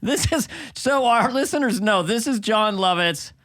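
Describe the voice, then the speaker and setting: A podcast host teases his guest in an easy, playful back-and-forth. His voice sits a little high and moves freely up and down. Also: expressive, unhurried, fairly bright tone, dry recording. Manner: teasing, playful. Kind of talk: casual comic chat.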